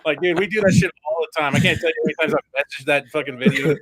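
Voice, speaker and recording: A man's voice: on the high side, rapid-fire, a bit bright. A man hosting a casual podcast, swearing freely and telling stories with animation. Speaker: podcast host.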